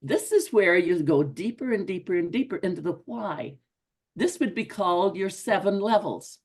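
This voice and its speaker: A woman's voice: medium pitch, animated, moderate pace, a little mellow, breathy edge. A middle-aged woman giving an earnest, conversational motivational talk to a group, often repeating herself for emphasis. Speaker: speaker at a women's club.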